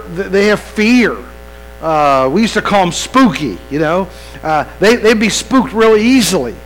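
Preaching an evening sermon, a man with a high-pitched, slightly bright voice talks conversationally to his congregation as their pastor. He restarts phrases and asks them questions directly. Mains hum runs behind the rough recording.

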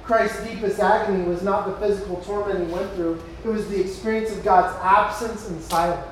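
A man preaching a sermon as a pastor, swinging between loud impassioned cries and hushed low passages. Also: fairly even intonation, fairly quick, hardly any pauses, slight background noise. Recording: echoey hall from far off.

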